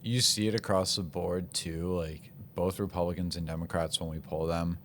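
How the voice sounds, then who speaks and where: A man's voice: low voice, moderate pace, slight background noise. A young man hosting a podcast interview, chatting casually and agreeably with lots of fillers. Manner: relaxed, filler-heavy, agreeable. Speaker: podcast host.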